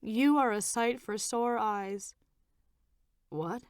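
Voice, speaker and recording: A woman's voice: fairly high pitch, slow pace, clean tone, dry recording, studio quality. Woman voicing a tearful, overjoyed young woman. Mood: tearful joy. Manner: raised, tremulous, emotional.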